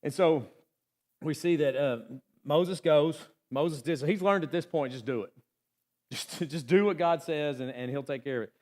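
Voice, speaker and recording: Conversational male pastor, slightly high voice. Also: normal speed, a little mellow. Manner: conversational, asks the room "right?" often; acts out quoted voices. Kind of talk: sermon. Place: church.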